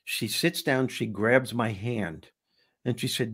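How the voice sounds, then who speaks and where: A man hosting a talk show, telling a personal story in a lively way with frequent restarts. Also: mid-range voice, slow pace, breathy edge. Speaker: host. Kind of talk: casual storytelling chat.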